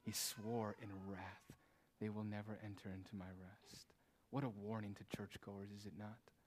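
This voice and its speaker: A man's voice: fairly low pitch, flat delivery, normal speed, slight background noise. A man preaching a sermon, asking rhetorical questions and dropping in casual asides as he explains the text. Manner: emphatic, rhetorical questions, shifts between loud and hushed delivery.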